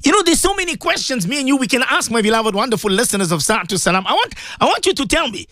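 A man's voice: very high-pitched, very animated, fast, sharp tone, dry recording, studio quality. A man hosting a radio talk show as a Muslim cleric, telling a story with emotion and religious phrases.

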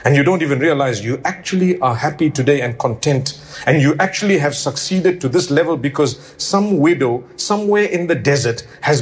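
A man delivers a sermon in a conversational, earnest way, often turning to the congregation with rhetorical questions. His voice sits a little on the high side, and his tone is pleading rather than stern. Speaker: preacher.

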